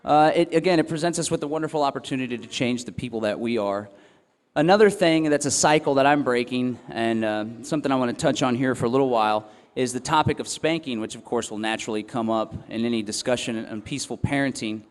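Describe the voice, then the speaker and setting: A young man giving a talk to a festival audience, earnest and reflective, pausing often with ums and restarting his phrases. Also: medium pitch. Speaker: festival speaker. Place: event hall or tent. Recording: long hall reverb.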